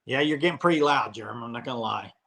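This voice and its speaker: A man hosting a live sports talk show, relaxed and conversational, speaking to the chat. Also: mid-range voice, fast, vocal fry. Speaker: host.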